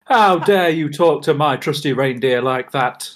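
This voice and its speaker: A man's voice: a little high, measured pace, a bit bright. A man playing a smug, forgiving Father Christmas in a role-play game, talking with half-suppressed laughter.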